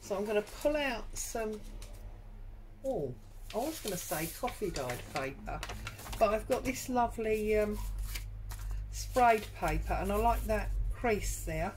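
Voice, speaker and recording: A woman talks through a crafting project at an unhurried pace, musing aloud and adding little asides as she goes. Her voice sits at a middling pitch. Faint ambient noise hums under her speech. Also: lively intonation, a little mellow, poor audio. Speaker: junk journal crafter and channel host. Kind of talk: crafting tutorial chat. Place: home craft room.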